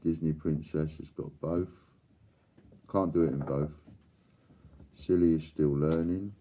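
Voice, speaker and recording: A man's voice: a bass voice, fairly even intonation, a little slow, dull audio. An older man hosting a live stream, chatting and bantering with viewers and reading out their comments. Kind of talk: casual chat to live viewers.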